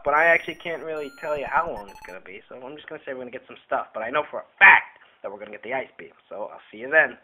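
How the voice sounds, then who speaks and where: A man's voice: fairly high pitch, lively intonation, very fast, sharp tone, poor audio. A young man casually commenting on his own gameplay, rambling and joking at himself. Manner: rambling, self-mocking, jokey asides. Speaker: let's play host. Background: game music.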